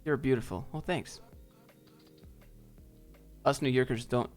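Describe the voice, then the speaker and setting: A man from the American South answering viewer questions casually on a live stream with quick, offhand replies. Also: medium pitch, darkish tone, soft background music.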